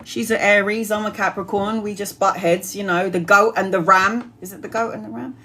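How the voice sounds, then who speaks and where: A woman's voice: mid-range voice, fairly even intonation, a little fast, bright, forceful tone, a little hiss or hum. A woman, giving a live-stream tarot reading in a chatty, blunt way and laughing often. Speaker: tarot reader.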